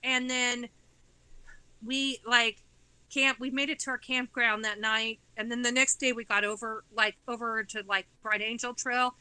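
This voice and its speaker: A woman's voice: on the high side, fairly even intonation, a little slow, sharp tone, clean tone, dry recording, poor audio. A woman in her forties, a guest author telling a candid, profane story in casual chat, with tumbling run-on sentences.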